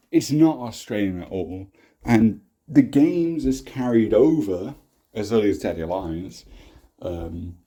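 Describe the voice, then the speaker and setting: British man, young, low mellow voice, rambling casual commentary, restarts a lot. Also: breathy edge. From Britain. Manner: rambling, frequent restarts and swearing. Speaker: YouTube reviewer.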